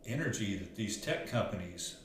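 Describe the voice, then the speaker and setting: Male life coach, lowish voice, earnest and rambling, very echoey room with faint hiss. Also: lively intonation, normal speed. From Arkansas. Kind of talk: casual storytelling monologue.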